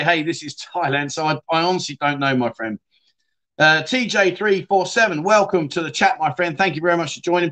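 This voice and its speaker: A middle-aged man with a Yorkshire accent, casually chatting on his livestream and reading out viewer comments, calling people mate and my friend, often trailing off softly. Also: a little high. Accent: Yorkshire English. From England. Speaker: livestream host.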